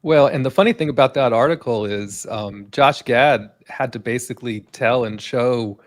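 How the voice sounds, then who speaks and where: A man's voice: mid-range voice, normal speed. A middle-aged man co-hosting a casual live stream, chatty and thanking viewers as he rambles through stories. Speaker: co-host of a pop culture live stream.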